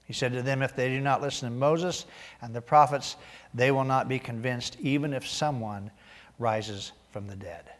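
A man preaching a sermon, reading scripture aloud and growing loud and emphatic as he drives points home. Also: medium pitch, normal speed, in a large hall. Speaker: pastor.

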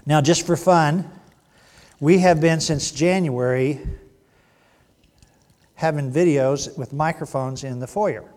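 A man preaching a sermon in a church, joking and teasing, then dropping to a hushed voice. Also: a little high, slow pace, long pauses. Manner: playful, teasing, swings from loud to hushed. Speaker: pastor. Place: church sanctuary.

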